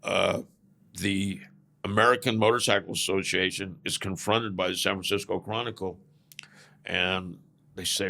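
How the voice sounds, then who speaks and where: A man's voice: low-pitched, fairly even intonation, normal speed, creaky, sharp tone. An older man from Southern California, a podcast guest who tells rambling stories and keeps saying "man". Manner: rambling storyteller, often says "man". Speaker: podcast guest, former biker club president. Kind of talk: casual storytelling interview.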